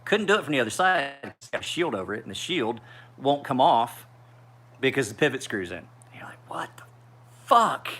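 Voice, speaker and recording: A man's voice: mid-range voice, animated, brisk, a bit bright. A man in his forties rambling through a casual livestream chat as a knife sharpener, with profane storytelling. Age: 40s. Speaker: knife sharpener streaming live.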